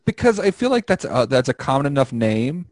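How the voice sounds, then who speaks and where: A man's voice: medium pitch, sing-song, a little fast, darkish tone, no room sound. A young man hosting a casual podcast over a remote call, joking and rambling with crude humor. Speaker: podcast host.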